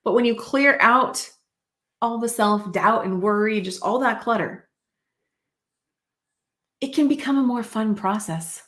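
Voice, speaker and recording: A woman's voice: on the high side, measured pace, pauses often, fairly bright tone. A woman giving a spiritual card reading to camera in a chatty, rambling way, with many fillers and asides. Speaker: card reader.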